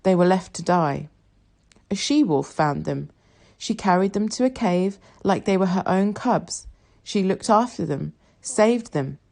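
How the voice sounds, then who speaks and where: A woman narrates a novel in the first person with a soft, reflective delivery. Her voice sits low and sounds mellow and warm. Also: animated, measured pace, creaky. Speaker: audiobook reader.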